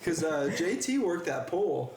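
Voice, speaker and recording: A man's voice: a little high, very animated, normal speed, a loud crowd. A man in casual chat, laid-back, mostly giving short agreeing replies as host. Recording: echoey room.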